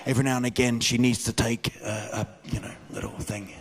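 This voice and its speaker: A man doing a stand-up comedy routine on stage, telling stories and bursting into loud shouted impressions of the people in them. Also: mid-range voice, brisk, gravelly, husky. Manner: animated storyteller, mimics people with loud shouted voices. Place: comedy stage before a live audience.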